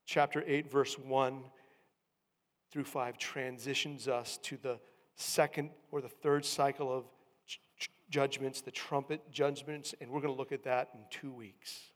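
A man preaching a sermon, swinging from hushed tones to loud emphatic calls. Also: medium pitch, little pitch movement, a little slow, big-room sound.

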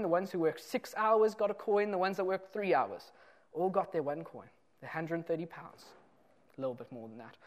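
Earnest man preaching a sermon. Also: high voice. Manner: earnest, explanatory, shifts between loud and soft emphasis.

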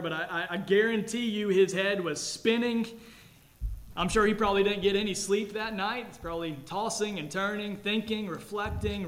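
A man pastor preaching a sermon, earnest, rising to emphatic declarations and dropping low and slow. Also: fairly bright tone.

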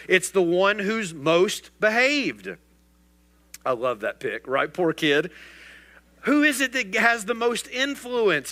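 Male pastor, sermon delivery, bright tone, call-and-response questions. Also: high-pitched. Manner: rhetorical call-and-response preaching.

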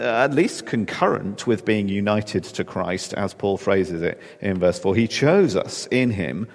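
A lowish male voice carries a through a long hall reverb. He preaches an evening sermon in a measured, explaining manner, stopping often on small "uh" fillers. His delivery stays steady and teacherly.

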